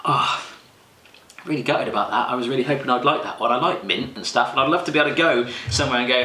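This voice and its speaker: Animated, jokey British man in an echoey room. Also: medium pitch, fast. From United Kingdom. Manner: animated, jokey, exaggerated reactions. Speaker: food vlogger. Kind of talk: casual chat to camera.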